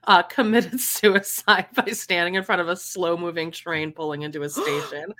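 A chatty woman co-hosting a casual podcast, her voice bright and forward. She rambles through her thoughts, restarts her sentences and laughs easily. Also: on the low side, steady tone, moderate pace, few pauses. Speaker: podcast co-host. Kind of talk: casual chat.

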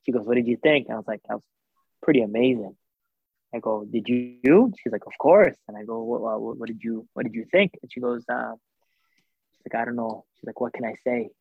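A man's voice: medium pitch, a little fast, vocal fry, slightly rough, no echo. Man telling a story over a phone-thin line. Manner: animated retelling with reported dialogue, many fillers. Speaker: guest telling a personal story. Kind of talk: casual conversational storytelling. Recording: thin phone-like dry sound.

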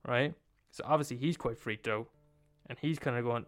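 A man's voice: medium pitch, normal speed, no room sound, faint music behind. A man with an Irish accent retelling a story in a casual, profane, repetitive, conversational way.

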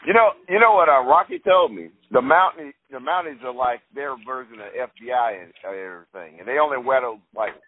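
A man's voice: mid-range voice, animated, fairly quick, few pauses. A man chiming in and laughing during a casual chat among friends. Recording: tinny phone-like sound.

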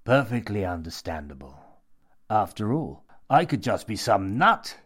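A man's voice: lowish voice, big pitch swings, a little slow, a bit bright, breathy edge, full character voice. A man voicing a sinister mad old man with pierced lips, speaking in a theatrical, wheedling, lecturing way.

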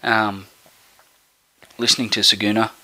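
A low-pitched Australian man with a bright, forceful edge argues his point in a casual sports chat. He is blunt, swears when heated, and stumbles through restarts. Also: flat delivery, unhurried, low-quality recording.

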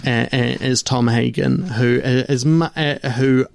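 Man, gravelly voice, casual film podcast talk, rambling, halting, many fillers, dry room. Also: medium pitch, fairly even intonation, dry recording. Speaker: podcast co-host.

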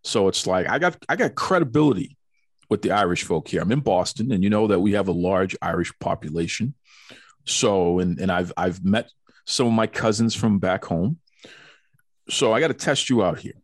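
A man's voice: low-pitched, lively intonation, normal speed, dry recording, clean studio sound. A man hosting a podcast in casual interview chat, jokey and teasing in playful banter. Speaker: podcast host. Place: home studio in Boston.

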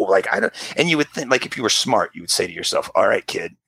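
A man's voice: fast talker, vocal fry, slightly rough. A man in his fifties telling a long personal story in casual chat, acting out the people in it. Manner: animated storyteller, jumps to high pitch for quoted voices.

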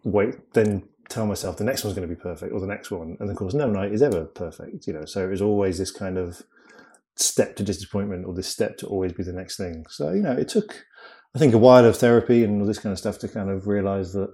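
Lower-voiced man telling stories animatedly. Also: quick pace. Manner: animated, laughing storyteller who acts out quoted dialogue. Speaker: guest comedian. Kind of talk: casual interview storytelling.

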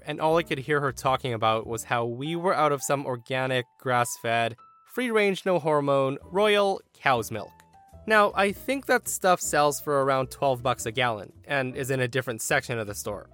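A man's voice: mid-range voice, moderate pace, a bit bright, soft background music. Wry male podcast storyteller. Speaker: podcast host. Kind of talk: storytelling narration.

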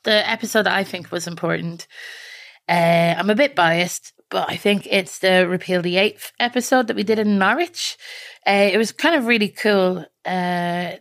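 A woman's voice: mid-range voice, moderate pace, a bit bright, no room sound. An Irish woman from Ireland leaving a casual recorded message, chatty and self-mocking with dry sarcasm. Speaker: guest.

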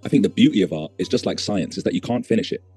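Deep-voiced man, husky and reflective. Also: animated, a little mellow, faint music behind. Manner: reflective, halting. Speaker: guest artist. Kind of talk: casual interview chat.

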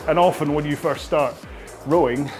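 Speaking at a normal pace in a fairly high voice, with music playing behind him, this coach from Scotland teaches rowing technique while working a rowing machine. His instructional video is patient and explanatory, punctuated by the check-in "okay?"

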